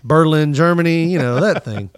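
A man's voice: fairly high pitch, normal speed, smooth, no room sound. Southern man, dry close sound. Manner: joking, profane storyteller. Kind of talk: casual chat.

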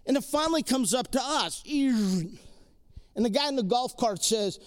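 A man's voice: very high voice, animated, measured pace. A man giving an inspirational talk to a live audience, telling a personal story with emphatic repetition. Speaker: speaker addressing an audience.

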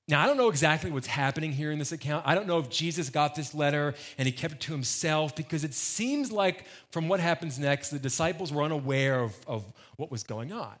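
A pastor preaching a sermon, retelling a gospel story in a casual, joking way and acting out the characters. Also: male voice, on the high side, brisk, fairly bright tone.

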